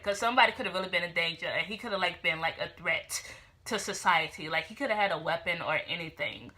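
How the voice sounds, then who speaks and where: A young woman vlogger telling a story in a casual, animated, expressive way, with emphatic retorts. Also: lowish voice.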